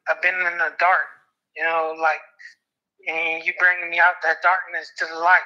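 A man in his thirties, a former football player being interviewed, talking haltingly and emotionally, close to tears, repeating words and restarting often. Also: fairly high pitch, monotone, pushed and bright. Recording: dull lo-fi audio.

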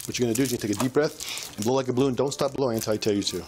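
A man's voice: mid-range voice, rapid-fire, noisy background. A male police officer coaching a suspect through a breath test with short, repeated commands. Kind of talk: bodycam field recording.

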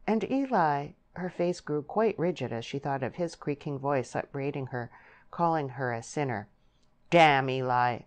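A woman reading a novel aloud as an audiobook narrator, in a measured, literary way. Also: rumbling low, darkish tone. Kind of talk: scripted narration.

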